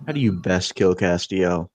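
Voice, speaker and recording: A man's voice: sits low, lively intonation, normal speed, a little mellow, no echo. A man voicing Cain, a blunt, sardonic adult male adventurer, in a dry, matter-of-fact tone.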